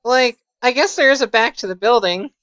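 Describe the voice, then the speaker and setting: High-pitched woman running the game, plain matter-of-fact delivery; dull, dry, muffled audio. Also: expressive, brisk, fairly bright tone. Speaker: game master. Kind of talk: narrating a tabletop game.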